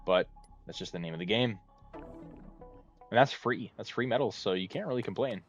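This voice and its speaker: A man's voice: on the low side, fast, lo-fi sound, soft background music. Offhand man commenting on a game. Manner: frank, offhand. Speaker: gaming video host. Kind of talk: casual let's-play commentary.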